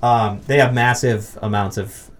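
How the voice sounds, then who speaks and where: A man casually talking through a film, swearing freely and jumping into loud, excited mock outbursts. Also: fairly low pitch, measured pace, slight background noise. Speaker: movie commentary co-host. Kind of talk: casual film commentary chat.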